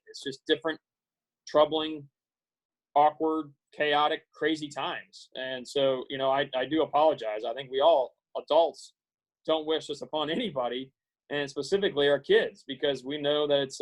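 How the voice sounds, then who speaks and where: A man in his forties from Iowa, giving an earnest, halting pep talk to students on a video call, with many fillers and restarts. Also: fairly high pitch, poor audio. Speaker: guest speaker.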